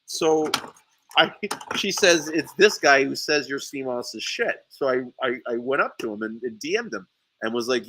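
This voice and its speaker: Guy ranting about a feud, bright voice, swears a lot, keeps restarting sentences. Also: medium pitch, moderate pace, dry recording, low-quality recording. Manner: animated storytelling, swears often, many restarts. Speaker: sea moss seller. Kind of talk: casual podcast chat. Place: St. Lucia.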